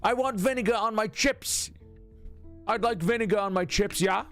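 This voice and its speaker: A man putting on an exaggerated, deliberately bad British accent while playing a man ordering chips. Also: sits high, fairly bright tone, soft background music, voice pushed up. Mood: mocking.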